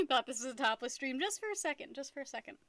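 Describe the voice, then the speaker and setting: A young woman chats with her stream viewers in a high, bright, lively voice. She is playful and giggly and laughs at herself a lot. The sound is close and dry. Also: moderate pace, no echo. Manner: playful, giggly, self-mocking. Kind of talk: casual live-stream chat.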